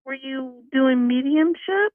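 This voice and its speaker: Woman caller, thirties, hesitant, short replies, slightly high voice, tinny phone line. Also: slow pace, no room sound. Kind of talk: phone call-in conversation.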